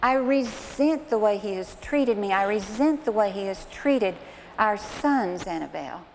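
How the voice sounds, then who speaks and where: A woman's voice: medium pitch, animated, measured pace. A woman quoting a bitter, pleading unhappy wife. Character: distraught, bitter middle-aged wife. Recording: long hall reverb, faint noise.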